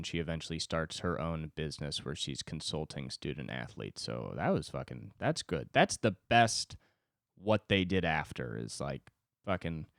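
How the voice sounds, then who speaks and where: A man's voice: low voice, gravelly, dry recording, studio quality. Rambling, profane young man. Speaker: podcast host, stand-up comedian. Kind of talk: solo comedic podcast rant.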